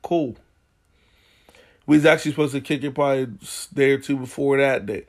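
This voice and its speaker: A podcast host tells a story in a casual, slangy, profane way, his medium-pitched voice fairly quick with fairly even intonation. He gets heated and loud as he retells arguments.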